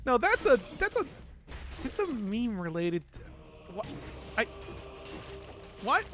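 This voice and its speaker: A man's voice: very high-pitched, huge pitch swings, slow, fairly bright tone, faint music behind. A man from the American Midwest with a Midwestern accent, rambling and giggling through casual commentary while streaming a game. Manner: rambling, giggly, laughs often. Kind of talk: live gameplay commentary, casual chat.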